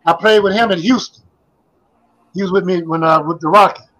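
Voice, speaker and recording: An older man with a husky, breathy edge to his voice that sits higher than most men's. He tells his stories as a guest in a casual interview, circling back and repeating himself as he goes. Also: brisk, fairly bright tone, rough recording. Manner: rambling, repetitive storytelling. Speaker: guest, former basketball player.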